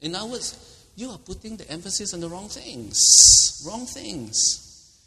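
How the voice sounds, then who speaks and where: A man, preaching a sermon in an animated way, acting out quotes with big leaps in pitch and chuckling often. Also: a little slow. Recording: long reverb of a large hall.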